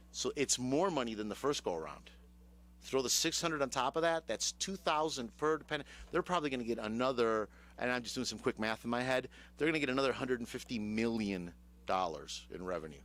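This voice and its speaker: A man's voice: medium pitch, fairly bright tone. A man with a Chicago accent hosting a radio talk show, casual and sardonic, throwing rhetorical questions at his co-host. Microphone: studio microphone.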